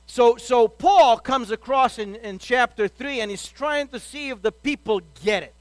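A man's voice: very high voice, fairly bright tone, dry recording. A man giving a sermon as a pastor, talking in an easy conversational way and acting out everyday quotes.

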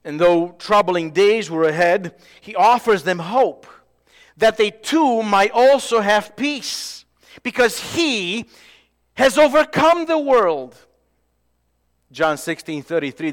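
Male pastor, high voice, sermon delivery with loud-to-hushed swings, reverberant hall sound.

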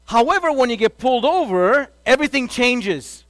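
A man's voice: extremely high pitch, lively intonation, normal speed, fairly bright tone, no echo. A man giving a sermon as a pastor, talking in an easy conversational way and acting out everyday quotes.

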